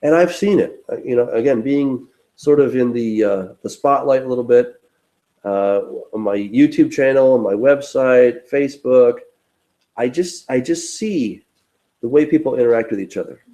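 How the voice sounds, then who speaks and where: A man's voice: medium pitch, moderate pace, warm tone, poor audio. A man teaching a conversational Bible study, earnest and self-deprecating, acting out inner dialogue in quoted voices.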